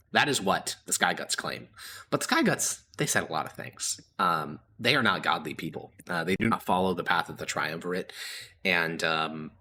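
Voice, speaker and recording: A man's voice: low voice, pushed and bright, a little hiss or hum. A young man narrating as game master in a casual, hesitant way with many fillers.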